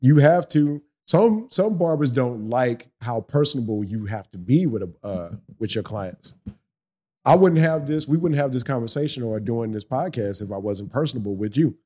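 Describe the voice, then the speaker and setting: Animated, swearing barber man. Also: medium pitch, normal speed, husky. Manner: animated, preachy storyteller who swears freely. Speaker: barber, podcast guest. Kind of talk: casual podcast conversation.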